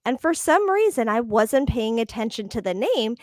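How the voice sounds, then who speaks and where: A woman's voice: fairly high pitch, very animated, moderate pace, no room sound, studio quality. A woman co-hosting a casual podcast chat, telling a story animatedly and laughing often. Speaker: podcast co-host.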